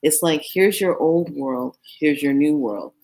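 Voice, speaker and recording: A woman's voice: sits low, a little slow, darkish tone. A woman vlogger casually telling a story and acting out her own reactions, then giving earnest advice on energy and manifestation. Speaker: spiritual vlogger.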